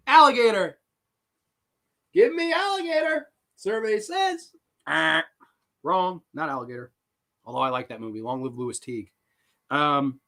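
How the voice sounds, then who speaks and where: A man hosting a live horror trivia stream, reading questions and reacting to chat answers with excitable, swearing banter. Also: mid-range voice. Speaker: host.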